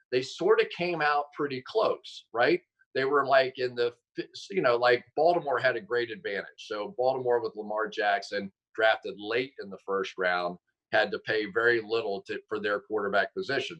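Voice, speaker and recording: A man, a football analyst guest on a sports talk show, telling stories casually and acting out quotes with sudden jumps in pitch. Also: fairly bright tone, dull audio.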